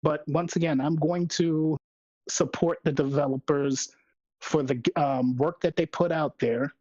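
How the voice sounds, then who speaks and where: Man, podcast co-host, firm plain opinions, a bit high-pitched, dry, dull lo-fi audio. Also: fairly even intonation, measured pace, darkish tone, no echo. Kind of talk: casual podcast discussion.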